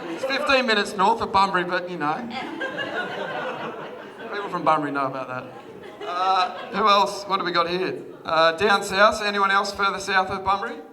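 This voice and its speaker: In a high-pitched voice at a moderate pace, an Australian groom in his thirties gives a chatty, self-deprecating wedding speech, laughing often. The large reception hall hums with chatter from the crowd of guests.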